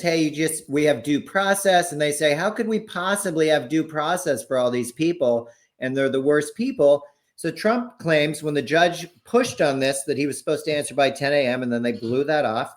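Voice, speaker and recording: Podcast co-host in his forties, relaxed news rundown, voice slightly high. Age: 40s. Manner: conversational, explaining news. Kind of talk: casual political chat.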